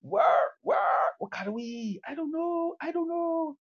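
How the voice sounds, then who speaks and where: A man putting on a squeaky, rambling goofball in an improvised livestream skit, yelping nonsense with his voice leaping all over the place. Gravelly fry creeps into the high notes, and the sound comes through muffled. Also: animated, measured pace, heavily acted. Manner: shouting nonsense with wild pitch jumps. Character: goofy unhinged man persona, squeaky and rambling.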